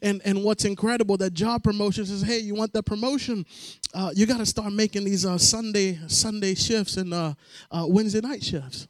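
Male preacher, higher register, dry sound; lively storyteller who acts out voices. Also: moderate pace, no room sound. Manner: animated storytelling, acts out voices, call-and-response amens. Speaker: pastor. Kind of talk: sermon with personal story.

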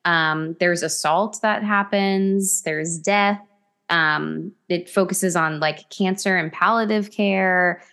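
Slow, laid-back woman podcast co-host. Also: fairly low pitch, steady tone, a bit bright, clean tone. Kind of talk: casual podcast chat.

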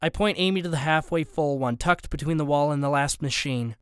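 A man narrating a first-person story as an audiobook narrator, steady and even. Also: fairly high pitch, brisk, smooth, no echo, studio quality.

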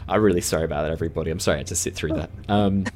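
A man narrating as game master of a tabletop game, animated and self-deprecating. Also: low voice, very fast, heavy background noise.

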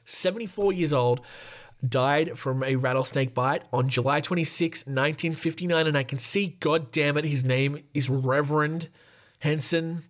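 A slightly bright, fairly high male voice at a moderate pace belongs to the host of a casual solo podcast. As he reads a list aloud, he keeps giggling, cutting himself off, and tossing in irreverent jokes.

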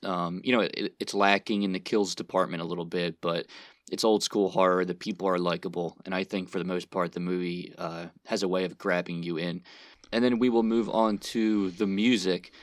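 Low-voiced guy rambling about a movie, lots of ums, dry close mic. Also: steady tone, normal speed, dry recording. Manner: rambling, thinking aloud with fillers. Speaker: podcast co-host, movie reviewer. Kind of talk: casual chat.

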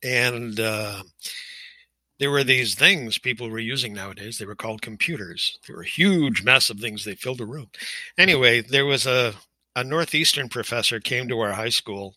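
An older man giving personal testimony as an interview guest, emotional and halting, with frequent pauses and fillers. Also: mid-range voice, pushed and bright, no room sound, low-quality recording.

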